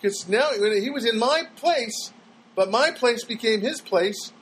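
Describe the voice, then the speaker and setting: A man's voice: very high voice, a little slow, slight background noise, rough recording. A man telling a rambling comic monologue at home, stammering and restarting as he goes. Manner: rambling, stammering, animated storytelling.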